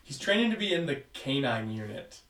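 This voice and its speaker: Lively man laughing in an echoey room. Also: medium pitch, fairly quick, recorded from a distance. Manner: animated, laughs often, mimics movie characters. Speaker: podcast co-host. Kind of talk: casual chat.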